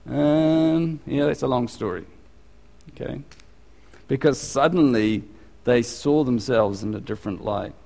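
Male preacher, conversational sermon, many restarts, average pitch, echoing church. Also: unhurried, creaky, warm tone. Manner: conversational, restarts often, acts out scenes.

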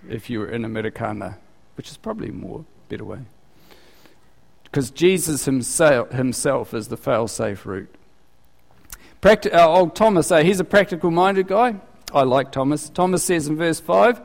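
A man delivers a sermon in a relaxed, talkative way, his voice sitting a little high. He lifts his pitch when he voices the questions of others. The sound carries a long hall reverb. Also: normal speed. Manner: conversational, animated, rising in pitch for quoted questions. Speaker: pastor.

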